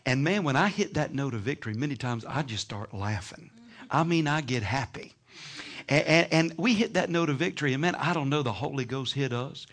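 A man preaching a sermon, telling stories with bursts of laughter and shouting. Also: mid-range voice, brisk. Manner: animated storytelling, laughing and shouting. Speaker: pastor.

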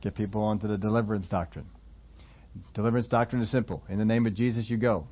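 A man preaching a sermon in a conversational storytelling way, laughing between points and rising into loud emphatic quotes. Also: fairly low pitch, fairly even intonation, quick pace, lo-fi sound. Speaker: pastor.

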